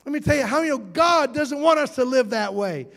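Pastor, high voice, folksy and playful sermon delivery, long hall reverb. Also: male voice, expressive, brisk, fairly bright tone. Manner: folksy, playful, rhetorical questions to the congregation.

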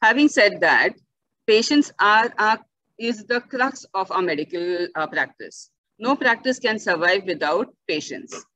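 A woman's voice: mid-range voice, lively intonation, unhurried, pushed and bright, no echo, rough recording. A woman lecturing on a video call, explaining terms step by step with frequent "okay" and "uh" fillers. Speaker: lecturer on bioethics. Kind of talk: online lecture. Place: home or office, virtual webinar. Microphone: computer mic on a video call.

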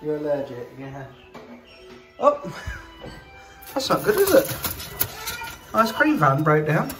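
Middle-aged man, casual family vlog, teasing, animated pitch. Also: slow pace, over music. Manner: chatty, teasing, lively swings into high sing-song voice with pets and kids. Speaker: vlogger, father. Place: home garden outdoors.

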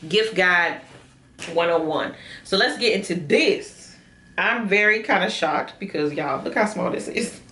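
A woman's voice: a little slow, a little hiss or hum. Chatty woman vlogger in an echoey room. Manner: chatty, addresses viewers as girl and y'all; animated, jumps into high squeals when excited. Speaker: beauty vlogger reviewing shapewear. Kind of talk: casual try-on haul.

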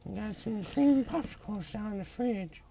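A man's voice: sits high, normal speed, gravelly, dark tone, slight background noise, voice pushed up, rough recording. A young man putting on the voice of a creepy adult man who lures someone with a sly, wheedling manner.

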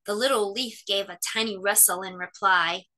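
A woman hosting children's story time, reading a picture book aloud with expressive, animated storytelling. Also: medium pitch, moderate pace.

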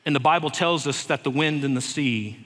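A man preaching a sermon in a church, earnest and unhurried, with light touches of humor. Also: on the high side, fairly bright tone. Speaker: head of school preaching. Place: church sanctuary. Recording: long reverb of a church hall.

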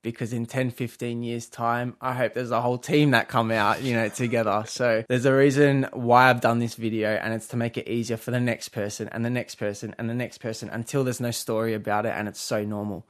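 A young Australian man in his twenties speaks candidly and earnestly, leaning on fillers as he tells his story. His pitch barely moves, staying in a flat, level line. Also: fairly quick, few pauses. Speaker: footballer. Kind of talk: interview.

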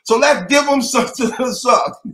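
A man's voice: very high-pitched, normal speed, sharp tone, roomy sound. A man delivering a mocking rant to the camera, taunting and repeating his jabs and breaking into laughter between them.

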